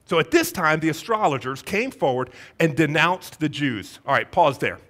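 A man preaches in an animated, storytelling way, putting on voices for the characters and firing rhetorical questions at his listeners. His voice sits a little high and swings widely in pitch as he builds the story. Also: moderate pace. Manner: conversational, rhetorical questions to the congregation. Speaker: pastor. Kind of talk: sermon.

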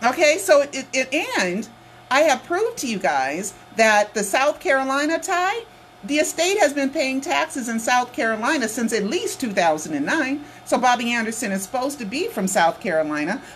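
A woman's voice: sits high, sing-song, moderate pace, fairly bright tone, slight background noise. A woman vlogging to her camera at home, talking insistently and repeating herself, with lots of "okay" and "right" as she goes. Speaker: conspiracy documentary vlogger. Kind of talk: casual talk to camera.

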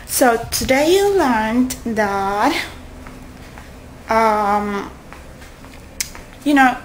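A young woman vlogging casually to her friends, rambling and excitable, often stopping to correct herself. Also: fairly high pitch, a little hiss or hum. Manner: rambling, excitable, with self-interruptions. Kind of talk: casual chat to camera. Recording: echoey room.

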